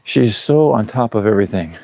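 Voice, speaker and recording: A man's voice: on the low side, expressive, brisk, creaky, warm tone, no room sound. A middle-aged man vlogging live outdoors on a rural building site, chatting in a rambling way and chuckling between thoughts. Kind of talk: casual live-stream chat. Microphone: clip-on mic.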